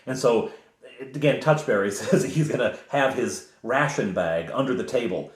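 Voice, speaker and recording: Animated male game master telling a story. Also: medium pitch, normal speed. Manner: animated storytelling, chuckles often. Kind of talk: recounting a tabletop game session. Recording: roomy echo.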